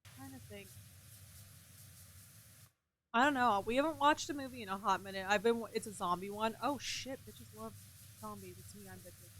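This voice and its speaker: A woman's voice: medium pitch, moderate pace, pauses often, a bit bright, slight background noise. A young woman streaming a game and chatting casually, talking freely, swearing, and answering her chat. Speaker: gaming streamer.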